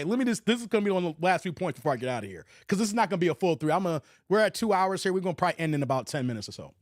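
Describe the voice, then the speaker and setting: Man, high voice, dry close mic, slangy animated livestream host. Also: no echo. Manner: animated, slangy, laughs often. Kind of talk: casual livestream movie commentary.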